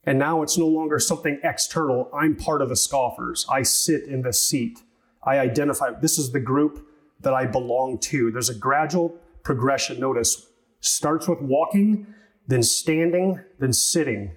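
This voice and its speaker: A man preaching a sermon as pastor, teaching through a passage in a measured, explanatory way and pausing on rhetorical questions. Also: medium pitch.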